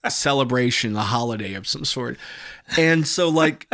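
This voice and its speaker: A man's voice: medium pitch, animated, moderate pace, fairly bright tone, dry recording, studio quality. A man co-hosting a podcast, telling a rambling, profane story in casual chat. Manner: rambling, profane, acts out quoted voices. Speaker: podcast co-host.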